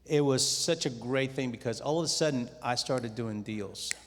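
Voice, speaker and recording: A middle-aged man giving a testimony talk to a conference audience, telling his story in a lively way and acting out his own quoted words. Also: medium pitch, moderate pace, a little hiss or hum. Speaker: conference speaker. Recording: long hall reverb.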